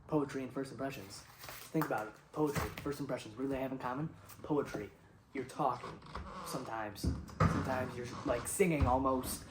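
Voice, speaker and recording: A man rambles through an absurd comedy monologue in a deadpan voice that now and then bursts out loud. His voice sits at a middle pitch. He is recorded in an echoey room with faint ambient noise behind him. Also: a little fast. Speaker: comedy show host.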